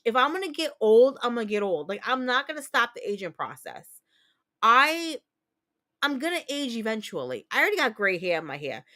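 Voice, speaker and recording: Chatty, profane woman in her thirties, slightly high. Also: a bit bright. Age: 30s. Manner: candid, profane, chatty storyteller. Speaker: livestream host. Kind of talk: casual chat reading viewer comments.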